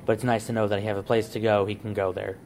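Man pitching plot ideas on a podcast. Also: flat delivery, fast talker, darkish tone, a little hiss or hum. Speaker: podcast host. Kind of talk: casual podcast chat.

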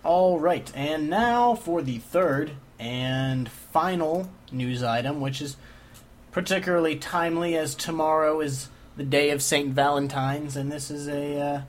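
A man's voice: a little high, measured pace, slight background noise. A man hosting a casual comedy chat show, wry and joking as he leads the segments. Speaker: podcast host.

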